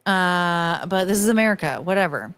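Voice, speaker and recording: A woman's voice: on the low side, moderate pace, clean tone. A woman in her thirties hosting a casual show, talking bluntly and a bit profanely while reading and answering chat. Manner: blunt, profane, animated, mocking voices in quotes. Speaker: streamer host reading chat.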